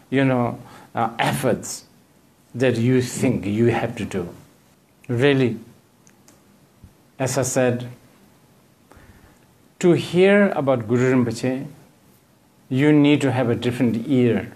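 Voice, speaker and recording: A man giving a dharma talk as a Buddhist teacher. He rambles, hunts for words, and fills the gaps with "you know," with gently humorous asides. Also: mid-range voice, expressive, slow, pauses often. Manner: digressive, searching for words, frequent "you know".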